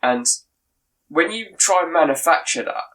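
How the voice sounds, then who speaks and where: A man's voice: a little high, animated, moderate pace, a bit bright, rough recording. A man co-hosting a podcast in casual chat, making long, opinionated points. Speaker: podcast co-host.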